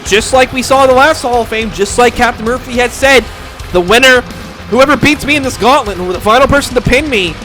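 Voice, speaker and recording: High, bright, swearing wrestling commentator man. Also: brisk, faint music behind. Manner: swears constantly, breaks into shouting hype. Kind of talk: profane excitable play-by-play commentary.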